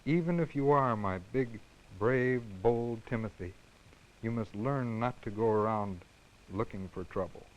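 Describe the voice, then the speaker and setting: A wise old mother cat from a children's story, gentle and patient with her little one, voiced by a man reading aloud. Her voice is soft and settled, with nothing showy in it. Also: lowish voice, a little slow, a little hiss or hum, close to an everyday voice, rough recording. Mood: calm.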